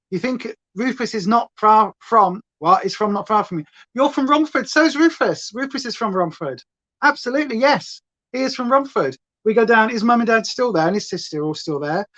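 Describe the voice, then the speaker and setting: Rambling beauty livestreamer, southern English woman with a slight Essex twang, middle pitch, recorded at home with slightly muffled sound. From Hampshire, England. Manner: rambling, chatty, talks to viewers and her dog. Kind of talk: chatty makeup livestream, reading chat aloud.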